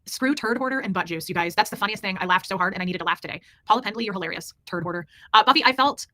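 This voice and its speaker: A woman's voice: mid-range voice, racing, sharp tone, no echo. A woman hosting a livestream, reading super chats in a rambling, emphatic way and swearing freely. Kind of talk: casual livestream chat.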